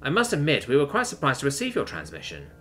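A man voicing a friendly, earnest human captain who speaks warmly and apologetically. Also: mid-range voice, wildly swooping pitch, fast, soft background music.

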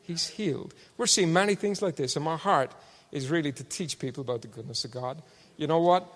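Irish-based preacher in an echoing hall. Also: male voice, a little high, brisk. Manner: swings from loud shouting to hushed storytelling. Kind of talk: sermon testimony. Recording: long hall reverb.

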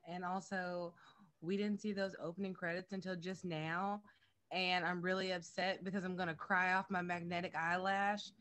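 A woman introducing herself as a tabletop game player, gushing and excitable, full of "like". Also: lowish voice, smooth. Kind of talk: casual chat.

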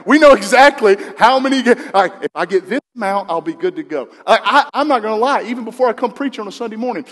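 A man's voice: high voice, animated, fast, fairly bright tone. A man preaching a sermon to his congregation in a conversational way, asking the room questions. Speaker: pastor. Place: church sanctuary. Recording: long hall reverb.

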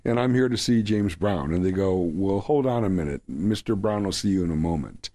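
A man's voice: deep voice, expressive, brisk, dark tone. A man who leads a band, a guest in an interview, telling a casual anecdote and acting out the quotes, with many fillers.

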